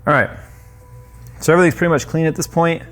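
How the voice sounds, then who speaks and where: A man's voice: fairly high pitch, steady tone, fast, fairly bright tone, faint music behind. A man in his thirties casually walking through a hands-on cleaning job at a workbench, chatty and loose with offhand jokes. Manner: chatty, loose, self-deprecating asides. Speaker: tech YouTuber. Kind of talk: casual how-to demonstration. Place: workshop workbench.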